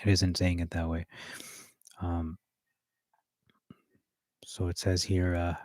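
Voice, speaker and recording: A man rehearsing a sermon, reading scripture aloud and pausing with fillers and self-corrections. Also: deep voice, monotone, a little mellow, no echo. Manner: reads verses aloud, with hesitant fillers and self-corrections between. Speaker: preacher.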